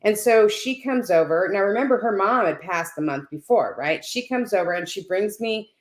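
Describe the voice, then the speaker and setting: A woman telling a personal story as a guest on a video call, animated and often checking in with "right?". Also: medium pitch, moderate pace. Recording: roomy echo.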